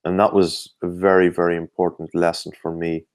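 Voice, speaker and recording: A middle-aged Irish man, a performance coach, answering interview questions in a measured, explanatory way with frequent fillers. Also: deep voice, little pitch movement, no room sound.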